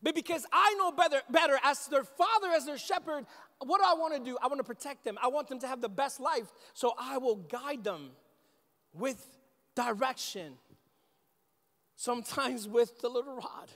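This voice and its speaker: A man in his thirties preaching to his congregation, his voice pitched high for a man. He talks in an animated, conversational way, often turning to the crowd with questions. The sound rings out with the long reverb of a church sanctuary. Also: moderate pace. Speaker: pastor. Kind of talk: sermon.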